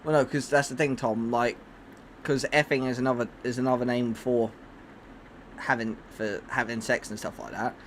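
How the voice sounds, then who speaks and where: A man's voice: medium pitch, fairly even intonation, moderate pace, slight background noise. A man streaming live, chatting casually and rambling with many restarts and fillers. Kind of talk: casual chat on a livestream.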